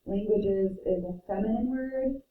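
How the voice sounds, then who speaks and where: A woman teaching a French vocabulary lesson, slowly repeating each word and thinking aloud as she writes. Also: mid-range voice. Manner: repeats words slowly and carefully, thinking aloud while writing. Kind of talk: slow classroom pronunciation lesson. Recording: dull, roomy sound from a distance.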